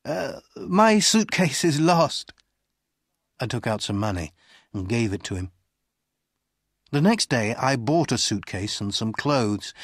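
Audiobook narration, slow clear pacing, lively pitch, dry studio sound. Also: no echo. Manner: slow, clearly paced storytelling. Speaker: audiobook reader. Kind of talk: scripted narration of a graded reader.

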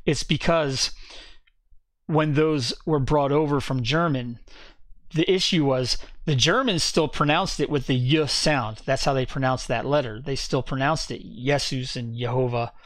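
A man's voice: medium pitch, measured pace, no echo. A man teaching a Bible study in a conversational, explanatory way, often correcting himself as he goes.

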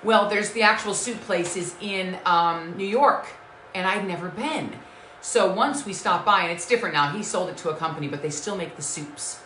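A woman's voice: on the low side, normal speed, hardly any pauses, a bit bright, slight background noise. A woman hosting a live-stream home cooking show, effusive and greeting viewers by name with endearments. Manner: effusive, greets viewers by name and calls them sweetheart and lovies. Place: home kitchen. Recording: echoey kitchen.

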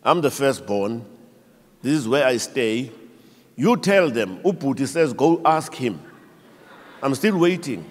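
In a medium-pitched, slightly rough voice, a South African pastor preaches slowly with frequent pauses. He tells stories animatedly and voices the people in them, while a large church hall adds long reverb.

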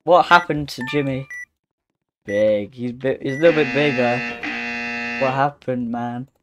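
Over music, a male gaming host with a medium-pitched voice speaks a little slowly. His live commentary on the game stays mostly calm until it's interrupted by sudden excited yelps and exclamations.

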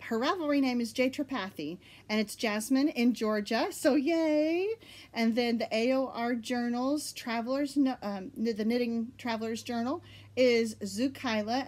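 A woman with an Oklahoma accent chats casually from her home, hosting her knitting podcast. She pitches slightly high and sounds bubbly and easily excited, often giggling as she talks. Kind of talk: casual chat.

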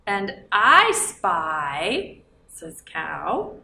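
A woman's voice: fairly high pitch, sing-song, takes it slowly, bright, forceful tone. A woman librarian reading a picture book aloud to children in a coaxing, sing-song way and asking them questions. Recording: roomy, from a distance.

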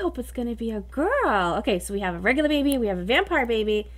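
A young woman hosting a let's play, giving casual game commentary, easily exasperated and dramatic, bursting into excitement. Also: a little high, fast talker, few pauses.

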